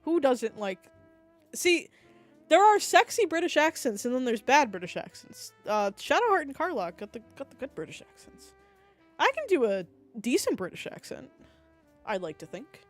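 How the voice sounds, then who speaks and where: A woman VTuber giving casual, jokey let's-play commentary, excitable and quick to burst out loud while reading a game aloud. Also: sits high, soft background music. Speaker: VTuber streamer.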